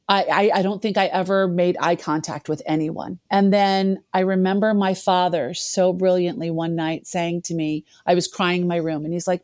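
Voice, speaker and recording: A woman's voice: lowish voice, darkish tone, dry recording, studio quality. A woman in her fifties, a guest telling a candid, self-deprecating personal story and laughing at herself.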